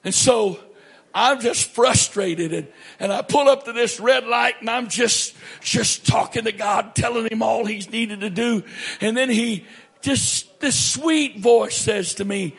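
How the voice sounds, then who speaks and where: High gravelly preaching man. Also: measured pace. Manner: animated preaching, swings from loud to hushed. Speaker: pastor. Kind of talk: sermon.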